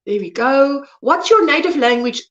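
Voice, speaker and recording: A South African woman with Afrikaans as her first language, hosting a livestream and chatting loosely as she greets viewers and reads out their comments. Her voice sits a little high, and she sometimes loses a word mid-sentence. The audio is dull and lo-fi. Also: lively intonation, normal speed. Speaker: crochet livestream host. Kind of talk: casual livestream chat reading comments.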